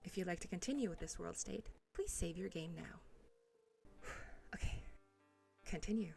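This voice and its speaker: A woman's voice: on the low side, animated, normal speed, vocal fry, darkish tone, faint music behind. A young adult woman casually talking through a story game as a streamer, chatty, swearing and laughing often. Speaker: let's play streamer.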